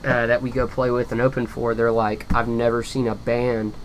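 A man, a guest musician and lead guitarist, chatting eagerly in quick bursts with restarts in a hot backyard shed. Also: medium pitch, monotone, a little hiss or hum. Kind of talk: casual interview chat.

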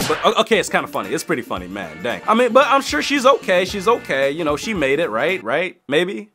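A man hosting a reaction video, joking and laughing as he comments casually on clips. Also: high voice. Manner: animated, joking, quick to laugh.

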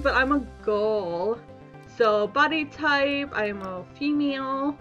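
A woman's voice: fairly high pitch, slow pace, fairly bright tone, highs cut off, faint music behind. A woman giving bubbly, giggly, chatty commentary while playing a video game. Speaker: gaming YouTuber. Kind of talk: casual let's-play commentary.

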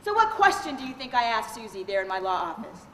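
A woman, a lawyer and corporate trainer, giving a lively live training talk and questioning the audience. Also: a little high, quick pace, a little hiss or hum. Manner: animated, engages the audience with questions. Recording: echoey hall with long reverb.

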